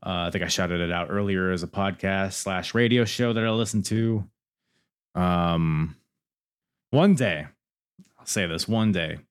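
Male podcast host, low-pitched, jokey, rambling, laughs a lot. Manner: joking, rambling, laughs often. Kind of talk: solo podcast answering listener questions.

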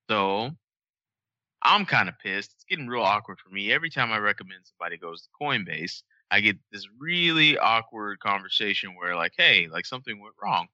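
Bright-voiced man ranting on a podcast. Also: on the low side, dry recording, lo-fi sound. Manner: animated, profane, ranting. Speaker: podcast host. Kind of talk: casual podcast rant.

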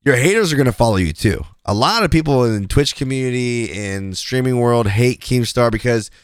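Here a male podcast host at medium pitch chats casually about online drama at a moderate pace, his expressive delivery loose and full of fillers and restarts. It's a dry, clean studio recording.

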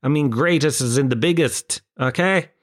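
A man's voice: medium pitch, moderate pace. A young adult man, telling a rambling, profane, self-deprecating stand-up story. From Ireland. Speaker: stand-up comedian.

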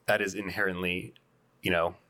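A man with a deep, low voice talks through his views as a podcast guest. He speaks casually and reflectively, sometimes repeating himself as he finds his words. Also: little pitch movement, normal speed, bright, forceful tone. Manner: thoughtful, repeats words when starting a thought. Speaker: coffee shop co-owner, guest.

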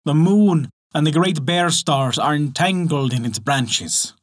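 A man's voice: a little high, unhurried, close to an everyday voice. Man doing a crafty old wizard. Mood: coaxing. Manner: coaxing, incantatory.

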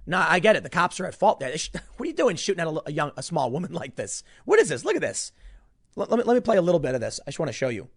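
Male commentary host, slightly high voice, heated and emphatic, stumbles over repeated words mid-rant. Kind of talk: ranting opinion commentary.

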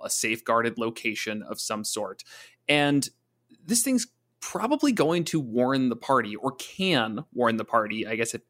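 A man co-hosting a casual tabletop gaming talk, chatty, often slipping into quick voices for monsters and players. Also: mid-range voice, fairly bright tone. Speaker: podcast co-host, game master.

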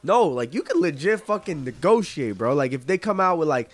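Animated, swearing young man telling stories. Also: a little high, fairly quick, hardly any pauses. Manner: animated, profane storytelling. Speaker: podcast guest. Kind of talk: casual podcast chat.

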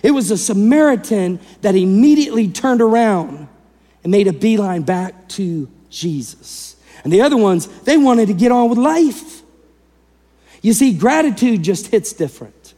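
A male pastor preaching a sermon in an animated way, acting out the people in the story and swinging between loud and hushed delivery. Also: sits high, unhurried, big-room sound.

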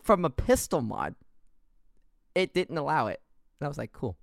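A man's voice: on the high side, very animated, normal speed, vocal fry, dry recording, clean studio sound. A man hosting a casual gaming podcast, rambling through stories and laughing along. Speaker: podcast host.

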